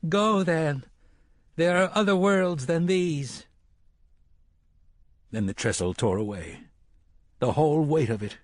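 A man narrating a novel as an audiobook in a measured, solemn storytelling manner. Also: on the low side, a little mellow, slightly rough, dry recording. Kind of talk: scripted narration.

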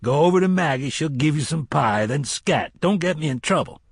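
A man narrating voices a weary, grim male cook who speaks gruffly and tiredly. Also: fairly high pitch, animated, normal speed, no echo, studio quality, pitched above the performer's own voice, heavily acted.

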